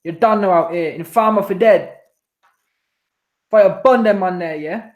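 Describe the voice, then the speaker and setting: High-voiced man, slangy live-stream banter. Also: moderate pace. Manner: slangy, repetitive, laid-back banter. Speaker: boxing commentary channel host. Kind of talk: casual live-stream chat reading super chats. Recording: roomy echo.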